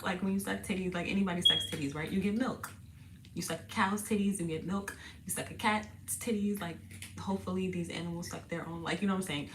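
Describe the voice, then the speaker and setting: A woman hosting a casual tarot reading video, chatty and slangy, laughing often and sounding a bit parched and husky. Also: on the low side, noisy background. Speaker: tarot reader and channel host. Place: indoors, sitting on the floor.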